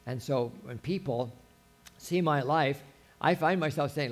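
A man's voice: fairly high pitch, moderate pace, a little mellow. A man preaching a sermon as a pastor, talking conversationally with anecdotes and restarts.

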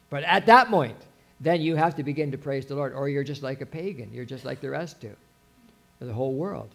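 A man's voice: on the high side, gravelly. A man preaching a sermon as a pastor, talking conversationally with anecdotes and restarts.

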